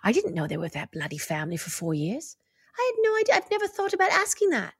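A soft-spoken, earnest middle-aged Englishman, as a woman imitates him in a put-on English accent. He speaks quietly and sincerely, in a dry, close sound. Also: fairly high pitch, wildly swooping pitch, quick pace, slightly rough, dry recording, full character voice. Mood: grateful.

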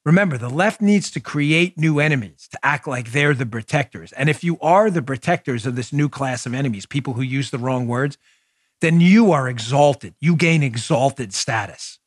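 A man hosting a political talk show, telling stories and arguing emphatically in an animated way. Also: mid-range voice, moderate pace, no room sound, studio quality. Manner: emphatic, animated storytelling with laughs. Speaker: podcast host.

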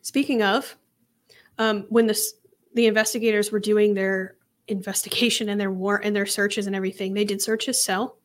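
A woman's voice: medium pitch, level tone, normal speed. A woman co-hosting a true crime podcast, recounting case details casually with some hesitations. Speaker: podcast co-host.

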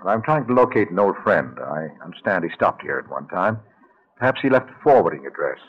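Confident American lead, very deep voice, dull old radio sound. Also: male voice, very animated, slightly rough, full character voice. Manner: brisk and confident. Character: brisk American man on a wartime mission. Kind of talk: 1940s radio drama acting. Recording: dull lo-fi 1940s radio broadcast.

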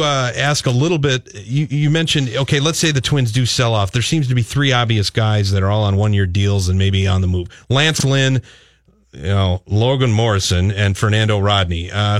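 A man's voice: mid-range voice, moderate pace, dry recording. Male sports radio host, chatty, dry studio sound. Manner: chatty, drops into mock play-by-play. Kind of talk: casual sports radio chat.

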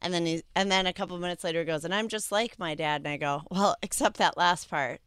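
Woman telling a wild story on a podcast, kinda low smooth voice, acts out the quotes. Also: quick pace, fairly bright tone, no room sound, studio quality. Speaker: guest storyteller.

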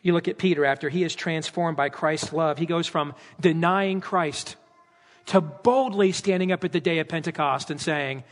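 A man preaching a sermon at his church, animated and dramatizing scripture with character voices. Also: on the high side, moderate pace. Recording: long hall reverb.

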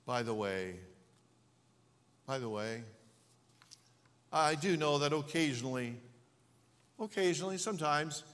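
A male pastor delivers a sermon at an unhurried pace, letting his phrases swell and then fall away into pauses. His voice sits a little high for a man. The sound carries a long reverb, as if in a large church hall. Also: fairly bright tone. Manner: slow, deliberate preaching with dramatic pauses and swells.

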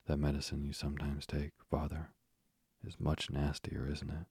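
A man reading aloud, voicing an eager, obliging young girl, only slightly softer than his own voice. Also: extremely low pitch, completely flat delivery, moderate pace, gravelly, breathy edge, no echo, clean studio sound, exaggerated voice.

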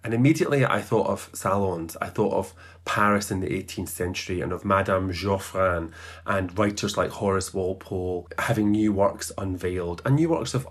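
A man's voice: low voice, slightly rough. A man, founder and host of a literary podcast, fondly looking back in a chatty, nostalgic monologue full of asides. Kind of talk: reflective farewell monologue.

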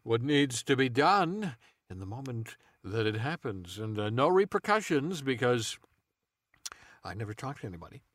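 Man, deadpan, rambling, filler-heavy, middle pitch, dry sound. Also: moderate pace, dry recording. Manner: rambling, deadpan, many ums and uhs. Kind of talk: improvised comedy chat.

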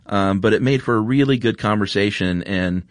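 Man, middle-aged, podcast host, deep voice, earnest storytelling, dry studio mic. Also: moderate pace, dry recording. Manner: earnest, rambling with fillers and restarts. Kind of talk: casual storytelling monologue.

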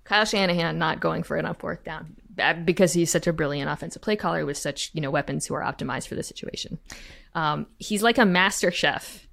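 A woman hosting a sports podcast in casual chat, animated and rambling, spinning playful analogies. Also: low-pitched, brisk, vocal fry. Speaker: podcast host.

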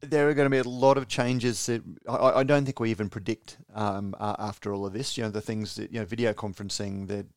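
A man's voice: fairly low pitch, fairly even intonation, no echo. A man with an Australian accent co-hosting a podcast from his home studio, chatting casually with lots of fillers and easy laughs. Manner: laughs easily, halting with fillers. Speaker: podcast co-host. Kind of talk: casual chat.

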